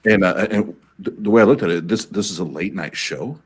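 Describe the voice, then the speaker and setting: A man's voice: deep voice, a little fast, husky. A man on a remote call mic in casual, bawdy joking chat, stammering and restarting as he talks. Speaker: guest reader on a call-in stream.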